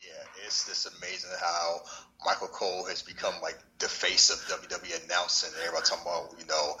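A man co-hosting a casual wrestling podcast chat, talking in an animated, rambling, slangy way. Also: low-pitched, fast, rough recording.

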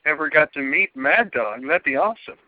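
Podcast guy musing about what hooked him, a bit high pitched, tinny dry phone sound. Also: animated, fairly quick, no room sound. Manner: reflective, lots of "you know". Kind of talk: casual chat.

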